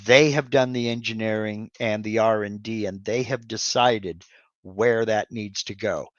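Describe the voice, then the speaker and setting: A man's voice: fairly low pitch, fairly even intonation, measured pace, no echo, muffled recording. A man hosting a live Q&A stream, answering viewer questions off the cuff with many fillers and restarts. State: has hiccups.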